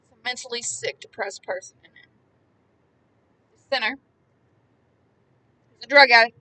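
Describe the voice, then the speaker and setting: A woman giving impassioned Bible commentary, emphatic and repetitive, swinging between hushed words and loud ones. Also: fairly high pitch, moderate pace, far from the mic, low-quality recording. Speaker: preacher.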